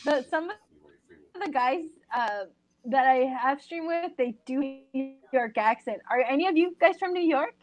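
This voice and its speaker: A woman's voice: high-pitched, animated, normal speed. A woman from San Diego with a San Diego accent, co-hosting a casual chat over an online call, teasing and giggly. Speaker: podcast co-host.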